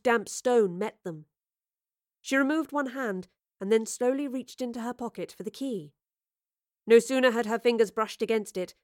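A woman narrating an adventure story in a steady, measured way. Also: on the high side, dry recording, clean studio sound.

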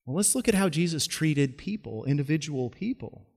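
A pastor preaching a sermon, telling stories and dropping from loud emphasis to hushed, slow lines. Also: male voice, a little high, lively intonation, creaky, husky. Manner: storytelling preacher with wide swings between loud and hushed. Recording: long reverb of a large hall.

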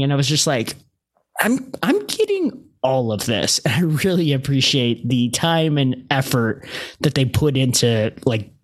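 Easygoing man chatting about a film. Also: on the high side. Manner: relaxed, laughing, heavy use of "like". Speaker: film podcast panelist. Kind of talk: casual film discussion.

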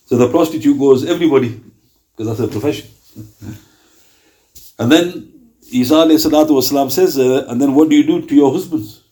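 A man preaching to a small gathering in a mosque, telling stories in a conversational, animated way. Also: mid-range voice, fairly quick, pauses often. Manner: conversational, animated storytelling with quoted voices.

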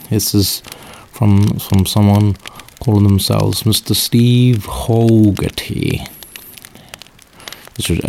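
A man's voice: on the low side, vocal fry, darkish tone, a little hiss or hum. A man hosting, stammering and bemused as he pulls items from a bag.

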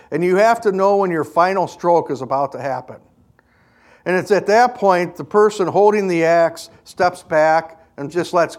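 A man preaching a sermon as a pastor, in an earnest, emphatic storytelling manner. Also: a little high.

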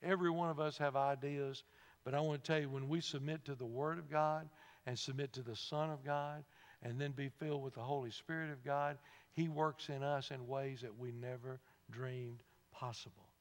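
A man's voice: medium pitch, steady tone, moderate pace. A man preaching a sermon in a church, talking conversationally, asking the congregation questions and laughing at his own stories. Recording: long hall reverb.

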